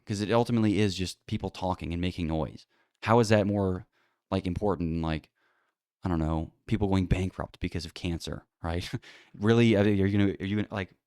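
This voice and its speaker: A man's voice: low voice, a little mellow, no echo, clean studio sound. A man hosting a solo talk show, rambling bluntly with many fillers and restarts. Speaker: podcast host. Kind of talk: casual solo commentary.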